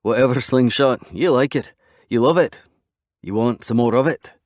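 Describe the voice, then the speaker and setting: A man's voice: mid-range voice, moderate pace, no room sound, studio quality, natural voice. A man voicing a cocky, teasing Scottish-born biker with a light Scottish accent and a playful, sing-song way of taunting.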